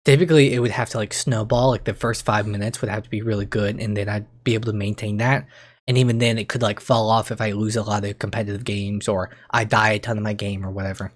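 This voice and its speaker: A young man talking casually to camera as a streamer, rambling and excitable, often restarting his sentences and jumping in pitch when he gets worked up. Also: quick pace. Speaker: streamer and YouTuber. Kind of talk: casual vlog monologue.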